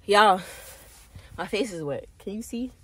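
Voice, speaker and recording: A woman's voice: medium pitch, lively intonation, unhurried, sharp tone, breathy edge. A woman who runs a small business, chatting casually to her viewers as she vlogs outdoors and from her car on a handheld phone. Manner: chatty, talks straight to viewers. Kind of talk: casual vlog narration.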